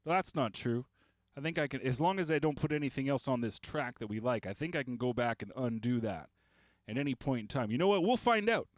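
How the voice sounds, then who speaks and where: A man's voice: mid-range voice, lively intonation, a little fast, dry recording, studio quality. A man hosting a beatmaking livestream, chatting casually and rambling with self-mocking jokes while he works. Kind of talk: casual livestream chat while making beats.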